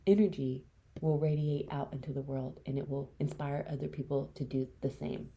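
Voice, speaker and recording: A woman's voice: deep voice, fairly even intonation, moderate pace, vocal fry, muffled recording, a little hiss or hum. A woman hosting a solo podcast, talking candidly and bluntly, swearing freely and dropping into whispers mid-rant. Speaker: podcast host.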